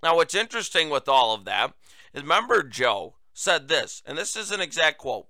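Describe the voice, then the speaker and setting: A man's voice: fairly high pitch, big pitch swings, normal speed, bright, forceful tone, no echo. A male talk show host giving political commentary in an indignant, sarcastic way.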